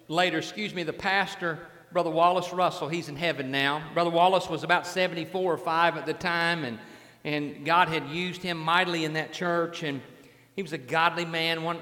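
A man preaching a revival sermon, dropping to hushed storytelling and rising to fervent shouts. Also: on the high side. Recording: long reverb in a large hall.

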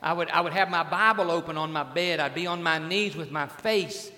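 A man preaching a revival sermon, dropping to hushed storytelling and rising to fervent shouts. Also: on the high side, a little fast. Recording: long reverb in a large hall.

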